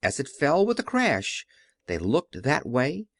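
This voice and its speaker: A man narrating a classic children's story as an audiobook with expressive storytelling. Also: mid-range voice, a little slow, no room sound, studio quality. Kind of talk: scripted narration.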